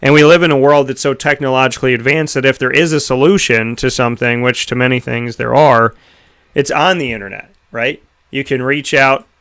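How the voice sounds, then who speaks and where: A man's voice: mid-range voice, a bit bright, smooth. An American man hosting a talk show segment, giving an earnest, reflective motivational talk full of rhetorical questions. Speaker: radio show host.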